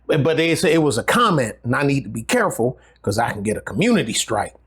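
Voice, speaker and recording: A man's voice: medium pitch, big pitch swings, quick pace, a bit bright, breathy edge. A middle-aged man, talking casually to his viewers in a rambling, folksy way with many restarts. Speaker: channel host. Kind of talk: casual talk to camera.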